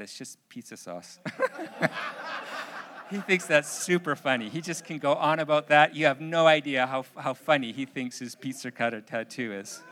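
A middle-aged pastor with a fairly high, fairly bright voice delivers a sermon full of funny family stories. He tells them with humor, acting out the voices of his relatives.

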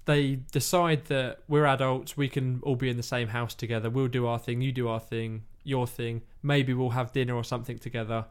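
A man's voice: medium pitch, little pitch movement, fairly quick, hardly any pauses, smooth. A man in casual chat, retelling a film plot in a rambling way and acting out lines. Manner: rambling storytelling, acts out quotes.

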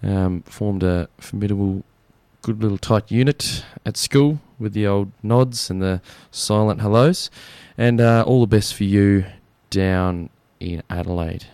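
A man's voice: on the low side, a little slow, hardly any pauses, darkish tone, dry recording. A young Australian man hosting a community radio show, chatting casually and jokily with plenty of fillers. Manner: chatty, jokey, rambling with fillers.

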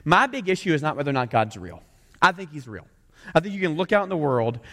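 A man's voice: a little high, bright, forceful tone. A male pastor preaching a sermon in a conversational way, often mimicking sarcastic voices to make his point. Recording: long hall reverb.

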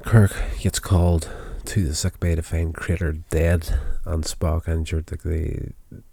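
A tired man recaps a television episode in a loose, rambling way, full of fillers and restarts. His voice is very low and mellow. The recording is dry and close. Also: flat delivery, slow, gravelly, husky, no room sound. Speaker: show recapper.

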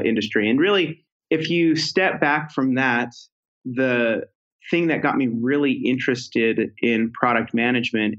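A man speaking as a guest on an interview podcast, telling stories in a loose, conversational way. He circles back and restarts his sentences often, with plenty of fillers along the way. His voice sits at a middle pitch, and the audio sounds a little dull and muffled. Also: a bit bright. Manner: rambling, many fillers and restarts. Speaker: podcast guest, product executive.

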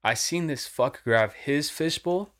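A man's voice: fairly high pitch, slow, a bit bright. A young man telling a rambling, profane story in casual chat, saying "dude" and "like" all the time.

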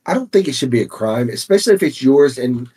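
A man co-hosting a casual podcast, talking in a relaxed, halting way with short reactions. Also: mid-range voice, slightly rough. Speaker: podcast co-host.

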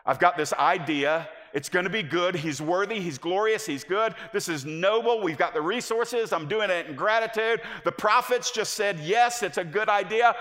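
A man voicing an eager king who is excited to build a temple, in a sermon. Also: high voice, normal speed, hardly any pauses. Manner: enthusiastic, building momentum. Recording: echoey hall.

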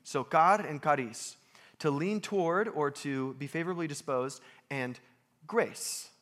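A young American pastor preaching a sermon, lively and self-deprecating, repeating phrases for emphasis. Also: male voice, fairly high pitch, a little slow.

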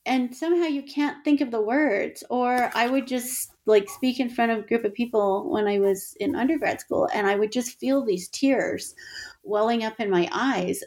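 A woman's voice: mid-range voice, normal speed, a little mellow. Middle-aged woman artist chatting about her early years, laughs a lot, restarts sentences. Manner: reflective, laughs often, many restarts. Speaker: artist and teacher, interview guest. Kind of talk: conversational interview.

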